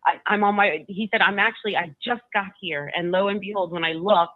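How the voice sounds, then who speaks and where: Halting woman on a tinny phone line. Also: mid-range voice, fairly even intonation, no echo. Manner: halting, with frequent restarts and repeated words. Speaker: guest recounting a personal story. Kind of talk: emotional first-person storytelling.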